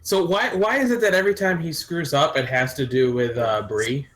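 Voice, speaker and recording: A man's voice: a little high, normal speed, a bit bright. A man chatting and joking with friends before a tabletop game. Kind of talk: casual pre-game chat.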